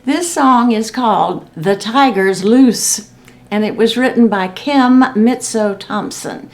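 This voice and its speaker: A woman librarian reading a story aloud to children and teaching a sing-along song, gentle and expressive. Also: a little high, takes it slowly.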